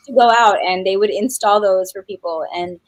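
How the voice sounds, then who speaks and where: A woman's voice: mid-range voice, measured pace, dry recording, rough recording. Middle-aged woman from New Mexico, interview guest, rambling, filler-heavy, bone-dry sound. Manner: rambling, many fillers and restarts; laughs easily. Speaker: singer guest. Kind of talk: casual interview chat.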